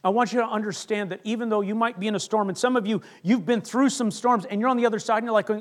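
A male pastor preaching a sermon, retelling Bible stories with lively acted-out voices. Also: sits high, fast talker, few pauses. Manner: animated storytelling, acts out Bible characters.

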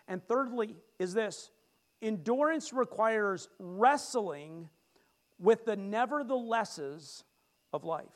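A middle-aged man preaches in a church with a high, bright voice. He keeps the sermon lively, jokes with the congregation and leads them in call-and-response. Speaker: pastor. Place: church sanctuary.

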